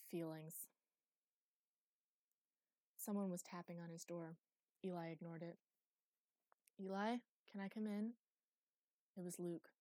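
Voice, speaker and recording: A woman narrating an audiobook in an even, quiet reading voice on a close mic. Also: on the low side, dry recording. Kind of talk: scripted narration.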